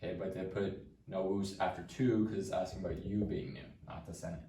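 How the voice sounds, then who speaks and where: A man's voice: low-pitched, steady tone, fairly quick, mellow, distant mic, a little hiss or hum. A man teaching a Latin lesson, walking through translations patiently step by step. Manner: patient, explaining step by step with frequent "okay". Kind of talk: recorded lesson walkthrough. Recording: echoey room, voice off-mic.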